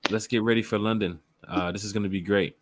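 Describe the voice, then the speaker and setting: A man's voice: on the low side, fairly even intonation, fast talker, no room sound. A man hosting a casual fan chat, upbeat and full of enthusiasm for the trip. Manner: enthusiastic, hypes the fans. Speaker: fan club host.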